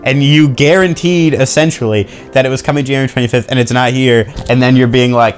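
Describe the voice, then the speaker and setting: A young man chatting casually as a podcast co-host, his voice sitting at an ordinary middle pitch. He tells his story with animated exasperation and slips into quoted voices. Faint music plays in the background. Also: fast talker, hardly any pauses. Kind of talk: casual chat.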